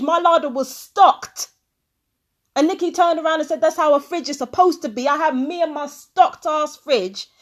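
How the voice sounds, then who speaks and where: A woman ranting angrily in a vlog, swearing and firing repeated questions at a recording she plays. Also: high-pitched. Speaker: vlogger. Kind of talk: angry commentary over a played recording.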